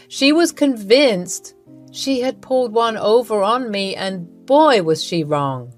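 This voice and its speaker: A woman giving a scripted first-person story narration in an even, lightly amused tone. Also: fairly low pitch.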